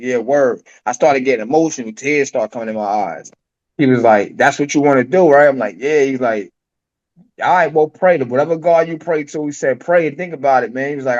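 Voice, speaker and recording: A man's voice: mid-range voice, lo-fi sound. A man as a podcast guest, telling his story casually with street slang and acting out the dialogue.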